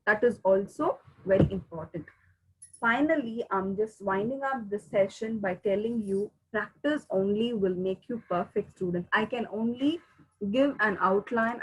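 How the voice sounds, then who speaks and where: A woman's voice: mid-range voice, breathy edge, poor audio. A woman from India with an Indian English accent, teaching an online pronunciation lesson, repeating words and spelling them out letter by letter.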